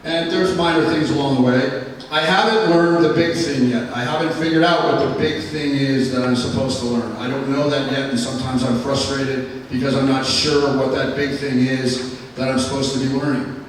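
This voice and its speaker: A man giving a personal testimony at a school chapel, telling his story in an earnest, plainspoken way with many pauses. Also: medium pitch, steady tone, slight background noise. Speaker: school staff member giving a chapel talk. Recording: echoey hall from far off.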